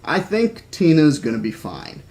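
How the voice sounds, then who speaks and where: A man's voice: fairly high pitch, sing-song, a little slow, a little mellow. A man reading as a friendly field biologist. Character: friendly male American field biologist, knowledgeable.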